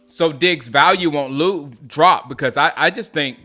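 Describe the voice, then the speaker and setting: A man from South Carolina hosting a casual live stream, chatting with viewers and reacting excitedly to plays as he reads comments aloud. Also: a little high, measured pace, soft background music. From Gaffney, South Carolina. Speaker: sports livestream host.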